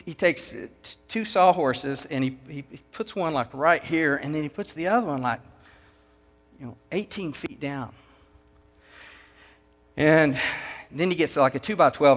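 A man's voice: a little high, fairly bright tone. A man preaching a sermon, telling a folksy work story with casual, down-to-earth phrasing. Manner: folksy storytelling with acted quotes. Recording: long hall reverb.

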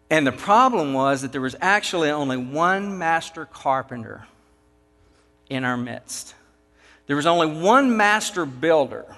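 A man's voice: a little high, fairly bright tone. Folksy preacher man in a reverberant hall. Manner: folksy storytelling with acted quotes. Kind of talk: sermon illustration story.

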